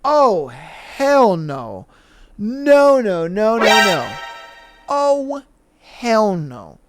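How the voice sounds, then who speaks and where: A man's voice: high-pitched, very animated, extremely slow, music in the background. A man hosting a podcast in a casual, laid-back manner with lots of slang. He reads listener stories aloud and reacts to them. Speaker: podcast host.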